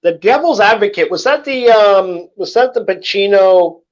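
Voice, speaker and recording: A man's voice: sits high, normal speed. A middle-aged man hosting a casual late-night chat stream, rambling, swearing freely and laughing through his stories. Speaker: host. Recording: lo-fi dull microphone.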